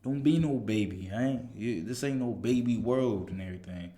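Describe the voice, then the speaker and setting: A man's voice: medium pitch, normal speed, dark tone. A man, a soldier giving blunt, profane motivational advice in a casual monologue, full of rhetorical questions.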